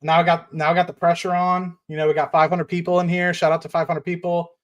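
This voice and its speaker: A man's voice: on the high side, level tone, fast talker, lo-fi sound. Fired-up man rambling on a livestream. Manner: rambling, many fillers and restarts; fired up, standing while talking. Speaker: livestream host. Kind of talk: casual livestream chat about investing.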